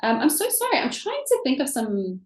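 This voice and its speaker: South African woman, animated and chatty. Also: high-pitched, fairly quick. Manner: animated, thinks aloud with many ums. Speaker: English teacher, guest. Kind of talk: casual interview chat. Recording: echoey room.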